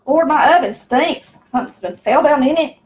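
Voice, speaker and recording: Here a middle-aged Southern American woman cooks in her home kitchen as a show host, her high voice animated and at normal speed. Folksy and chatty, she talks to "y'all" watching. Expect lo-fi sound with a little hiss or hum.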